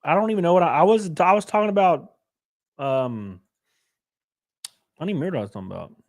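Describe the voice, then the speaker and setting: A man's voice: on the high side, expressive, quick pace. A man hosting a casual livestream, reading viewers' comments aloud and answering them in a loose, joking, rambling way. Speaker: livestream host reading chat.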